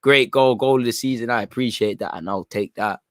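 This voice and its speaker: A man's voice: mid-range voice, brisk, no room sound, clean studio sound. A man hosting a live football watchalong, talking casually and with strong opinions about the play, often tacking "man" onto his phrases. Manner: reads chat messages aloud and reacts. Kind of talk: live casual match commentary.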